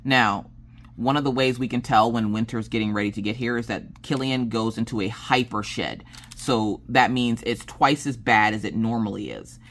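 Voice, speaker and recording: A woman chatting casually on her craft channel, telling animated stories and laughing as she goes. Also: normal speed. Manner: animated, acts out quoted dialogue with big pitch jumps. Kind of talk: casual chat storytelling.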